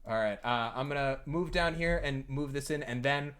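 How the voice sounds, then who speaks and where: A man running a streamed tabletop game as game master, chatty, with frequent fillers and quick laughs. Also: mid-range voice, over a noisy crowd.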